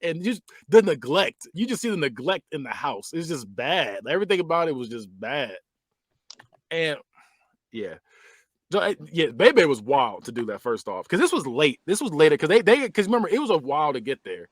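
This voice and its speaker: A man's voice: a little high, sing-song, moderate pace, dry recording. A man hosting a podcast, casually reviewing a movie and retelling scenes with plenty of laughs and slang. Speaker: podcast host.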